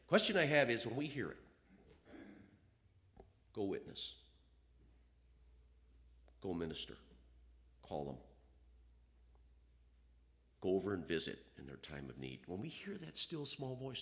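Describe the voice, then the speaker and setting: Male preacher, animated sermon delivery, voice rising and falling widely, acts out dialogue. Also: mid-range voice, a little slow, long pauses. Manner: animated, acts out quoted voices, reads scripture aloud.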